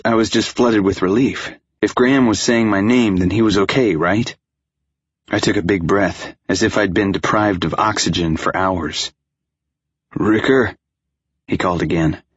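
A man narrating a first-person story as an audiobook, in a tense, anxious manner, voicing the dialogue quietly. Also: deep voice, husky, no echo, highs cut off.

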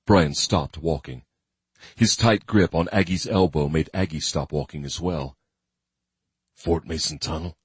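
A man giving steady, grim scripted narration of a thriller audiobook. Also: rumbling low, a little slow, breathy edge, dry recording.

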